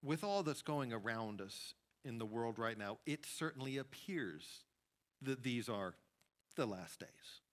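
A man preaching a sermon as pastor, emphatic, with sudden rises and hushed drops. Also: medium pitch. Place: church sanctuary.

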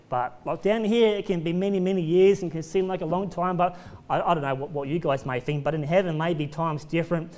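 Pastor from Australia, male, high voice, casual chatty preaching with acted-out voices. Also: a little mellow. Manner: casual and chatty, acts out voices of the people in the story. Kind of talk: conversational sermon with scripture reading. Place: church.

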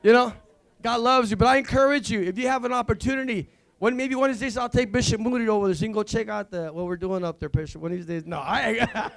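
A man, a visiting pastor, giving a rambling, excitable testimony at a church service, full of restarts. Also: sits high, quick pace, vocal fry. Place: church sanctuary.

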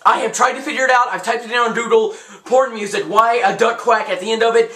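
A young man giving crude, profane gameplay commentary, ranting loudly and then muttering under his breath. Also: extremely high pitch, fairly even intonation, quick pace, far from the mic. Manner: loud, crude, ranting, jumps between yelling and muttering. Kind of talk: profane let's-play commentary.

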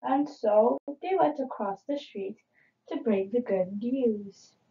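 A woman reading children's picture books aloud in an expressive, dramatic way, in a dull lo-fi recording. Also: fairly high pitch, slow pace, gravelly. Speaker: storybook reader.

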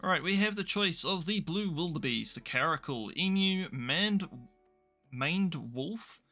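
A man's voice: a little high, lively intonation, measured pace, bright, forceful tone, faint music behind. A young man commentating a management game, chatty and thinking aloud with dry, self-mocking asides. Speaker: gaming YouTuber. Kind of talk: casual let's play commentary.

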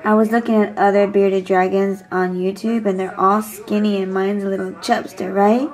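A woman's voice: mid-range voice, flat delivery, normal speed, a little mellow, faint music behind, poor audio. A young woman hair stylist rambling through a casual vlog at home. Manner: rambling, chatty, slips into whispers.

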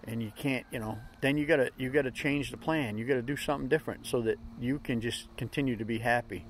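A man's voice: mid-range voice, fast talker, a little hiss or hum. A middle-aged man hosting a daily vlog, giving folksy, upbeat motivational talk in plain slang. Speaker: vlog host.

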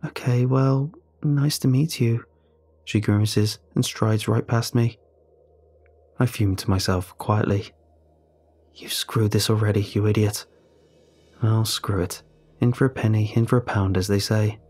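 A man calmly narrating a first-person horror story in a measured, storytelling way. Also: fairly low pitch.

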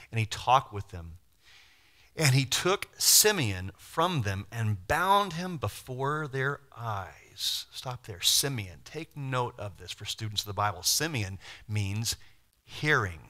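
A man preaches to his congregation in a bright, forward voice. He moves between plain teaching and quick acted-out voices of Bible figures, and asks his listeners questions as he goes. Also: fairly low pitch. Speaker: pastor. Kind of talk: sermon. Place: church.

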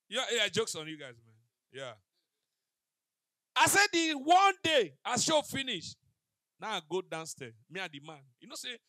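A man's voice: high voice, no echo. A man doing stand-up comedy on stage, telling stories in pidgin and acting out the dialogue. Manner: animated storyteller mixing pidgin, acting out dialogue. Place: comedy stage before a live audience.

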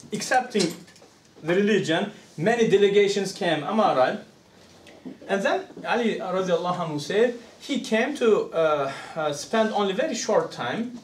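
A male scholar delivers a conversational lecture, his voice pitched high and swinging widely. He keeps checking in with the audience through rhetorical questions. The recording picks him up from across a reverberant room, with faint ambience behind him. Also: distant mic, a little hiss or hum. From Uzbekistan. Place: lecture hall. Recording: echoey room, speaker away from the mic.

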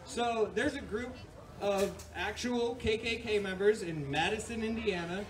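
Stand-up comic, man from New York, high voice, swearing and rambling, chuckles at his own bits, heard from afar. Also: unhurried. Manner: profane, rambling, laughs at own jokes. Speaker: stand-up comedian. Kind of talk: stand-up set. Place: comedy club stage with audience. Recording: distant mic, noisy live room.

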